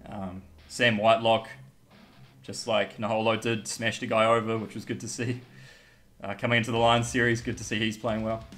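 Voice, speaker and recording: A man's voice: fairly low pitch, little pitch movement, normal speed, fairly bright tone, soft background music. A young man, giving blunt, casual rugby opinions with swearing and frequent laughs. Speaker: guest pundit.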